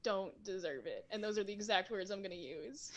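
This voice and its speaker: A woman playing a tabletop role-playing game, expressive, swearing and laughing often. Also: mid-range voice, fairly quick. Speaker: player. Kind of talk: casual role-play as a player.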